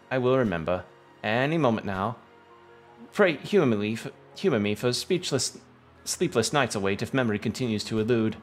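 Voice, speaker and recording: A rambling, forgetful village wife, as a man puts her on, in a homemade British accent and quaint old-fashioned phrasing. Her voice rises and falls widely, sitting fairly low. Faint music plays underneath. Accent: attempted British accent. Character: forgetful village wife, middle-aged woman, chatty.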